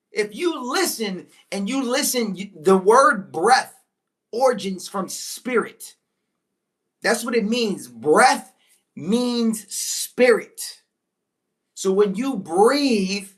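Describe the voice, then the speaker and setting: Woman, motivational live talk, fairly high voice, lively swooping pitch, repeats key phrases, excited exclamations. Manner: preachy, emphatic, repeats key lines, bursts into excited exclamations; slows right down on key phrases. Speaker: motivational speaker.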